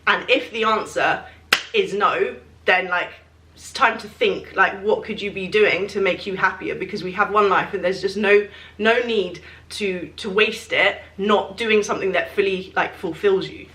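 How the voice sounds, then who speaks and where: A fitness vlogger with a mid-range, fairly bright voice answers questions at a normal speed in a casual Q&A vlog. She's chatty and rambling, full of fillers, recorded in an echoey room with the mic at a distance.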